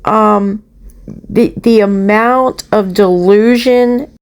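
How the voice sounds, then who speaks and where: Slow gravelly woman giving scornful commentary. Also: mid-range voice, lively intonation, a little mellow. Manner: scornful, disapproving. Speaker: commentary channel host. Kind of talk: critical commentary on a clip.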